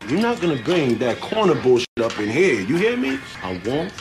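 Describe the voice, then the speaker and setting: An actor playing a hard, businesslike drug boss with a Baltimore accent, stern and profane. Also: male voice, medium pitch, big pitch swings, normal speed, background noise, natural voice.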